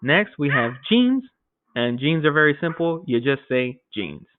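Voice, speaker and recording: A man teaching a Spanish vocabulary lesson to his class, explaining each word step by step and often checking with a quick "okay?". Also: fairly high pitch, sing-song, slight background noise. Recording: tinny phone-like audio.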